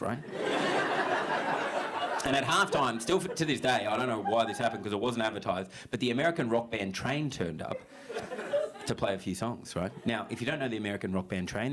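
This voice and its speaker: A young Australian man performs stand-up comedy in a live club, telling his story with quick "right?" asides. His storytelling is lively, and he keeps breaking into loud, high-pitched impressions. The live recording carries clear background noise. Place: comedy club stage with audience laughing.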